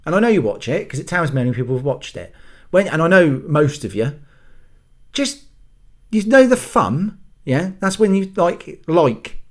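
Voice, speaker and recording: A man's voice: a little high, a little mellow. A man hosting his own channel, ranting to the camera about everyday annoyances in an exasperated, self-mocking way. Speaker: host. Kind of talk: casual rant to camera.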